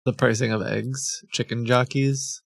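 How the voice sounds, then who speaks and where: A male streamer in easy, unhurried casual chat. His voice has a gravelly, creaky edge, and he talks close to a desk mic in a dry, dead room. He jokes and breaks into laughter often. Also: medium pitch, steady tone, no room sound.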